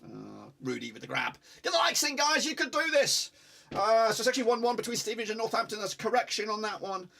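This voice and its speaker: A man streaming a live football watch-along, reacting excitably, swearing and urging viewers to like and subscribe. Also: high voice, fast, vocal fry.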